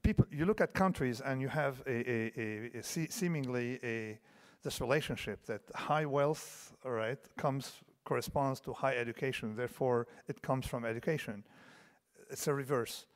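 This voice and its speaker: A keynote speaker in his fifties lectures at normal speed in a medium-pitched voice. He goes off on tangents, restarts often, and asks the audience "okay?" to check in. The large conference hall adds a long reverb to the recording.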